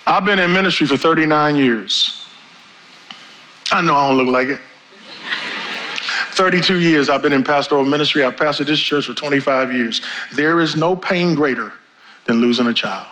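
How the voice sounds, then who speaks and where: A middle-aged male pastor preaching a sermon, with big swings in pitch and pace. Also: moderate pace, long pauses, sharp tone, poor audio.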